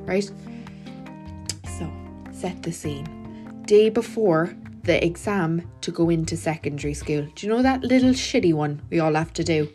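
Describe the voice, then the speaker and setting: A young woman, hosting a casual podcast and telling stories with big exaggerated comparisons. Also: mid-range voice. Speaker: podcast host.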